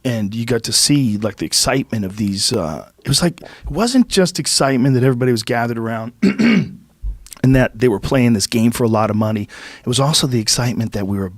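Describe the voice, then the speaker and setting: In a dry podcast-studio recording, a medium-pitched man in his fifties from the Boston area, USA, talks a little fast as host of a casual storytelling chat. He swears freely, and his tales grow more animated and excited as they unfold.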